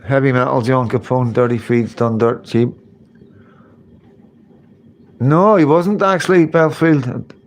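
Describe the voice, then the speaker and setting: A man's voice: medium pitch, normal speed. Rambling man, live chat. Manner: rambling, repeats phrases, swears casually. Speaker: livestream host reading chat.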